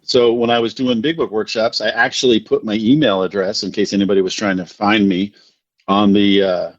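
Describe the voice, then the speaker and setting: Podcast guest, middle-aged man from New Jersey, rambling yarn-spinner, somewhat low voice, dry close audio. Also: dry recording, highs cut off. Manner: rambling, animated anecdotes with self-deprecating laughs. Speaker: podcast guest, recovery speaker. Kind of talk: casual storytelling.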